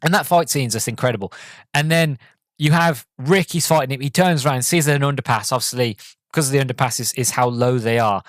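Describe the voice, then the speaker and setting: An enthusiastic man hosts a casual podcast movie review. He rambles, filling his sentences with ums and likes. His voice sits at an ordinary middle pitch and is recorded close and dry, with no room sound. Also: a little fast, no room sound. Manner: enthusiastic, rambling, many filler words. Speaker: podcast host.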